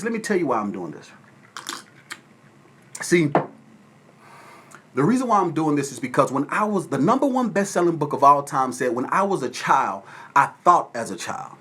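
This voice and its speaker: A man from Atlanta, Georgia, hosting a casual livestream from his phone at home and shouting out viewers by name. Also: fairly high pitch, breathy edge. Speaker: livestream host. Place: at home with windows open.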